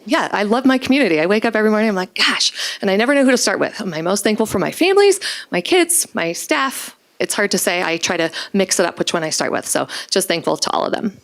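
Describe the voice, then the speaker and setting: A woman elementary school principal giving chatty, joking acceptance remarks with halting restarts. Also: mid-range voice, animated.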